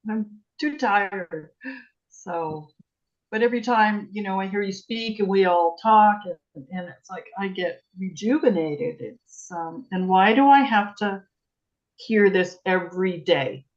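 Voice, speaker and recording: A woman on a video call, chatting casually and telling animated stories, acting out what people said. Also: mid-range voice, a little slow. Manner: chatty, animated storytelling, acts out quotes. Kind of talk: casual chat. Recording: muffled video-call audio.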